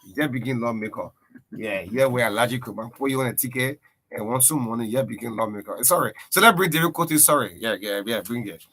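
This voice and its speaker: A man's voice: medium pitch, fast talker, fairly bright tone. A man hosting a breakfast show, talking loosely about politics with lots of "yeah" and "man". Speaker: radio breakfast show host. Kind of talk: casual political talk.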